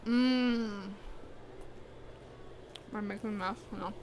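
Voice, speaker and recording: In her home kitchen, a woman hosts a cooking live stream, eating as she chats bluntly and casually with viewers, swearing freely and sometimes talking with her mouth full. She speaks slowly at medium pitch in a steady tone, with background noise present.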